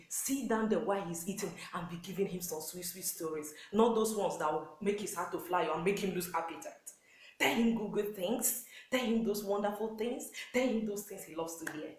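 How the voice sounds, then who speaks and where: A woman's voice: mid-range voice, echoey room, rough recording. A woman with a Nigerian accent, a pastor's wife, giving earnest sermon-style marriage advice to wives and repeating key points. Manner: earnest, repetitive exhortation with acted quotes.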